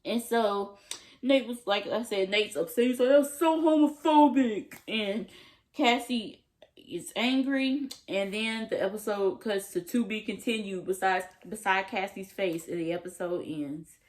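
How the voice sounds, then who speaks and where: With a medium-pitched voice and measured pace, a young woman reviews a TV episode on her vlog. It's an animated, casual recap full of gushing and slang, and she acts out the characters' lines.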